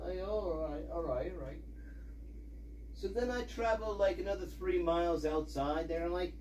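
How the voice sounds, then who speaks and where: A man's voice: high-pitched, moderate pace, darkish tone, a little hiss or hum. A man chatting casually on a livestream, rambling and musing with some profanity. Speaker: streamer.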